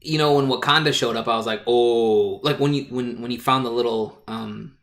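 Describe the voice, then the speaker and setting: A man in an average pitch chats as a podcast host. He talks in an excitable, rambling way, piling on fillers and side remarks. He sounds loose and unscripted, like a friend holding forth. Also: normal speed. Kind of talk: casual chat.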